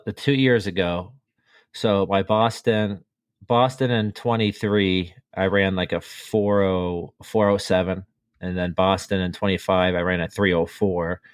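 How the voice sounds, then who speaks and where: A man's voice: lowish voice, fairly even intonation, measured pace, clean tone, dry recording, clean studio sound. A man chatting casually as a podcast guest, telling a running story with lots of fillers and restarts. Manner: enthusiastic storytelling with many fillers. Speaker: podcast guest, marathon runner. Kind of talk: casual chat.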